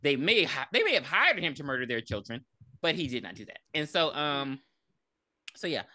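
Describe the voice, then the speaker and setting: A woman co-hosting a podcast, recapping a horror movie in casual, profane, animated chat. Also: deep voice, moderate pace. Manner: profane, animated storytelling with laughs. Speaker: podcast co-host. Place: podcast recording.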